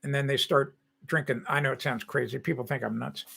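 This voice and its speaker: A man's voice: mid-range voice, fairly even intonation, fairly quick, gravelly, bright, forceful tone, breathy edge. A man in his sixties from the United States, hosting a live stream and talking casually in a rambling way while he reads and answers chat comments.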